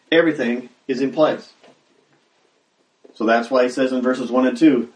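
A man preaching a sermon as pastor, talking conversationally and breaking into loud acted exclamations. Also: mid-range voice, normal speed, pauses often. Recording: roomy sound, mic at a distance.

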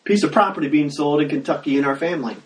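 A man preaching a sermon as pastor, talking conversationally and breaking into loud acted exclamations. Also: a little high, quick pace. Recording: roomy sound, mic at a distance.

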